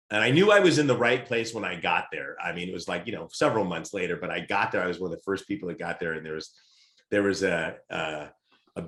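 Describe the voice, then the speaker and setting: A middle-aged man with a lowish voice tells lively stories as a podcast guest, in a casual way. The room around him is echoey. He talks like someone spinning a tale among friends. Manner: lively anecdotal storyteller. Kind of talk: casual storytelling. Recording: roomy echo.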